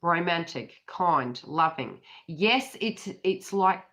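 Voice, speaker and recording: A woman's voice: lowish voice, expressive, takes it slowly, fairly bright tone. Chatty Australian woman tarot reader. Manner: chatty, giggly, swears freely. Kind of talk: casual tarot reading. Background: birds calling.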